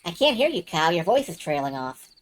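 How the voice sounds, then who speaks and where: A woman's voice: on the low side, big pitch swings, fast. A woman voicing a feisty young woman who teases and bickers, in a game reading. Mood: teasing. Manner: teasing and sharp-tongued.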